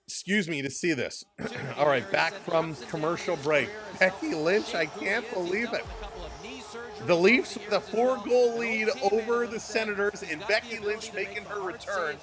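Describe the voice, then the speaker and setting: A man with a high voice calls the action as a live-stream host in a loose, chatty way. He rattles off play-by-play and breaks off to greet viewers by name. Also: fairly bright tone. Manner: rapid play-by-play calling of hockey action.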